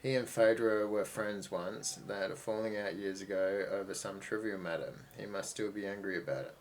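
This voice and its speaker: A man's voice: fairly low pitch, fairly even intonation, moderate pace, slight background noise, close to an everyday voice, low-quality recording. A man reading aloud the lines of a grieving, vengeful widow in a video game, in a plain voice. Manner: plain read-aloud delivery of game text. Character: grieving young widow, woman, bitter and vengeful.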